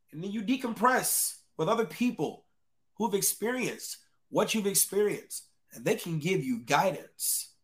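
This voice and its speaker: A man with a fairly high-pitched voice hosts a live-streamed podcast. He talks emphatically, repeating lines for stress and breaking off to greet viewers in the chat. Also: a bit bright. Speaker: podcast host. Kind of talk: live-streamed commentary talk.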